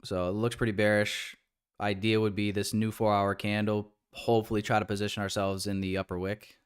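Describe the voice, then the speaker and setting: A man's voice: fairly low pitch, flat delivery, brisk, clear, resonant tone. A man giving casual live trading commentary in a laid-back, slangy way with lots of fillers. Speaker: day trader streamer.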